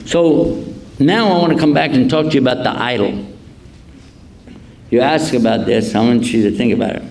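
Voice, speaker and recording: A man preaching to a lecture audience, his voice mid-pitched and gravelly. He tells his anecdotes with a deadpan, joking manner and slows down to repeat important phrases. A faint hum sits behind him. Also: rough recording. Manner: storytelling, deadpan joking, slow repetition of key phrases. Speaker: Islamic preacher. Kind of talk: public lecture. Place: university lecture hall.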